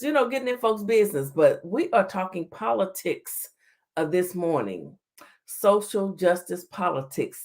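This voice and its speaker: A woman hosts a late-night live stream. She talks in a chatty, casual way, greets viewers by name and lets her pitch swing up and down. Her voice sits in the middle range for a woman. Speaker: talk show host.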